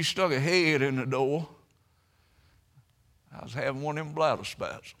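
A man preaching a sermon, telling stories and swelling into loud, emphatic preaching. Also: medium pitch, moderate pace, pauses often.

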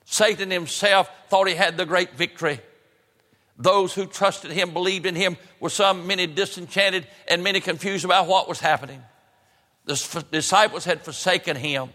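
A man preaching a sermon in a church, in an emphatic, rising cadence with drawn-out phrases. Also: sits high, steady tone, pushed and bright. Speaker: pastor. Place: church sanctuary. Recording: church hall reverb.

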